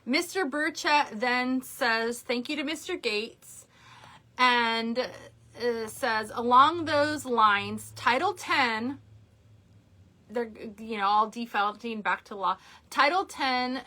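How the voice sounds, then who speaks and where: High bright woman podcast host, animated, reads quotes then riffs on em. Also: slow pace. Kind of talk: casual podcast chat reading hearing quotes.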